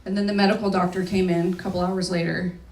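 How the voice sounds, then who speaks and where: Young woman speaker, candid and emotional, low-ish voice, roomy echo. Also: level tone, fast talker, darkish tone, slight background noise. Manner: candid, emotional storytelling with casual swearing. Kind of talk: personal story talk. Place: event hall. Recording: echoey room from far off.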